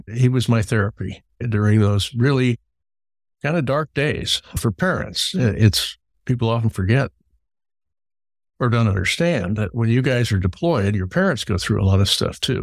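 This middle-aged podcast host speaks with a lowish voice and vocal fry, captured in a clean studio with no room sound. Interviewing a guest, he spins long conversational stories, often repeating words at the start of sentences.

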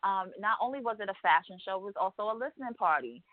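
A woman's voice: mid-range voice, animated, quick pace, no room sound. A woman co-hosting a radio show, recapping reality TV gossip in a sassy, profane, rambling way. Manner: sassy, profane, rambling storytelling with mimicked quotes. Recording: dry, phone-like narrow sound.

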